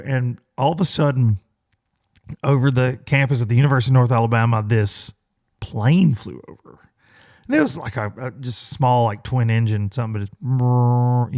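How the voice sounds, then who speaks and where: A man in his forties hosting a podcast, telling a story in a loose, rambling way with many fillers and restarts. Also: mid-range voice. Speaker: podcast host. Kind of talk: casual storytelling monologue.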